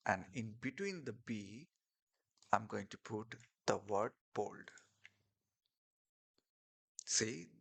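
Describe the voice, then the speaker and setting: A man's voice: lowish voice, vocal fry. A man teaching a screen-share coding lesson, explaining step by step with fillers and restarts over keyboard clicks. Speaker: coding tutorial instructor.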